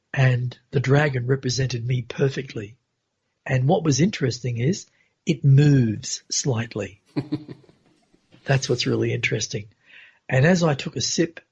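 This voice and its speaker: A man who is a podcast guest, recounting a personal spiritual experience in an earnest, unhurried way on a dull, lo-fi recording. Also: mid-range voice, darkish tone, slightly rough.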